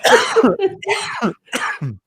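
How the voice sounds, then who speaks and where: A woman's voice: very high voice, wildly swooping pitch, very slow, a bit bright, low-quality recording. A woman, a podcast guest, chatting casually with laughter and a teasing, self-deprecating manner, and sounding a little tired and unwell. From Ireland. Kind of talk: casual conversation.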